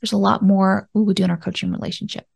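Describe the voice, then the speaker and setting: A woman relationship coach talking alone on her podcast, animated and chatty, acting out little quoted lines as she goes. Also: mid-range voice, quick pace, gravelly, breathy edge. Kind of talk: solo podcast commentary.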